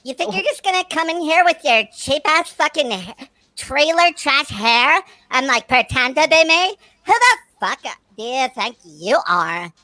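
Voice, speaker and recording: A woman's voice: sing-song, a little slow, dry recording, exaggerated voice. A performer putting on a vain, rude valley-girl voice while bickering on a livestream call. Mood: insulting. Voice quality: high, bright, mocking valley girl voice. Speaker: livestream guest.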